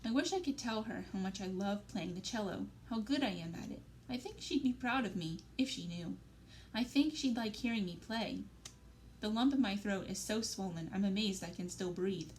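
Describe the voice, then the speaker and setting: A woman's voice: medium pitch, lively intonation, normal speed, a little mellow, a little hiss or hum, rough recording. Woman reading a novel aloud. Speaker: library story reader.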